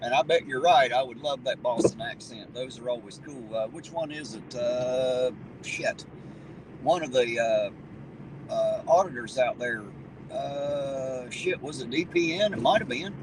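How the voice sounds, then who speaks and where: Easygoing southern Ohio hillbilly man streaming from his car, a bit off-mic, road noise loud behind him. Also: mid-range voice, unhurried, recorded from a distance. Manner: folksy, easygoing, swears casually. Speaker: livestream host. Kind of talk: casual live-stream chat, reading viewer comments. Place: in a car driving around town at night.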